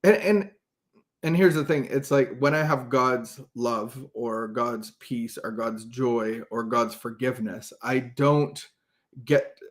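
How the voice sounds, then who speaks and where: A man co-hosting a recovery podcast, talking earnestly in a casual chat with many false starts. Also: mid-range voice. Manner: earnest, halting, many restarts. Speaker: podcast co-host.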